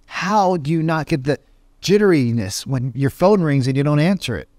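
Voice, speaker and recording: A man's voice: on the high side, moderate pace, dry recording, studio quality. A man who works as a real estate agent and coach gives a motivational talk, telling a story and acting out the dialogue. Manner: animated, acts out dialogue in changing voices.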